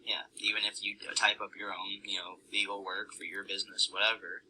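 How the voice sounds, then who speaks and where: A man's voice: low-pitched, level tone, fairly quick, hardly any pauses, pushed and bright, slight background noise, poor audio. A man speaking up as a student in a classroom discussion, casual and hesitant with many fillers.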